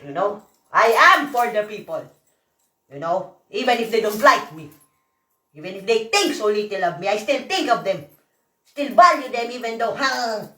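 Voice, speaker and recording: A hoarse woman vlogger, ranting in a profane, rambling, emphatic way. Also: medium pitch, expressive, normal speed, pushed and bright, far from the mic. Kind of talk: emotional rant to camera. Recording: echoey room, voice off-mic.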